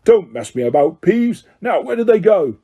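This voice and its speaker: A man's voice: high voice, sing-song, moderate pace, dark tone, lo-fi sound, voice pushed up, exaggerated voice. Man doing an impatient grumpy caretaker. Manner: demanding, impatient. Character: angry old male school caretaker.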